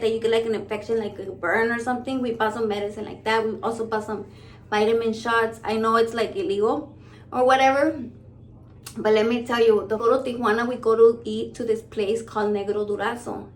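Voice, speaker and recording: Woman vlogger, 30s, slightly high voice, blunt and profane storyteller. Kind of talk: casual storytelling to camera.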